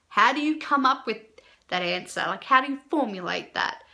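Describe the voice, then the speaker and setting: A young woman telling a story to camera in a casual, animated way, with lots of fillers and her own reactions jumping up high. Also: a little slow, gravelly. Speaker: vlogger.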